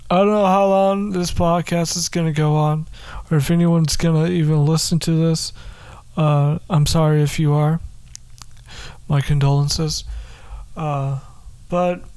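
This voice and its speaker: Dude rambling alone on his podcast late at night in his room, slow, swears a lot, makes fun of himself. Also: a little high, steady tone, a little mellow, clean tone. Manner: rambling, self-mocking, sweary. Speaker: podcast host. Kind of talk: rambling solo podcast monologue.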